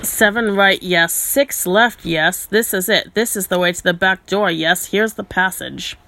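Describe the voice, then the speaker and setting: A woman's voice: mid-range voice, a little slow, creaky, bright, forceful tone. A woman voicing Gollum, a wretched, obsessive old male cave creature who hisses, whines and mangles his grammar as he talks to himself. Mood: fearful. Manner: whiny, broken grammar, repeats words.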